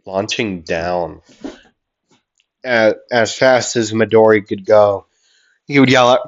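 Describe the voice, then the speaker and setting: A man's voice: lowish voice, takes it slowly, pauses often. A man improvising a fan-fiction fight story, rambling with hesitations and mouthed sound effects. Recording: dull lo-fi audio.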